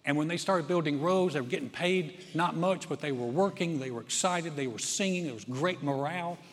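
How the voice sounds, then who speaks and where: A man from North Carolina preaching a sermon in a folksy, conversational way. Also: on the high side. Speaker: pastor. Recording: long hall reverb.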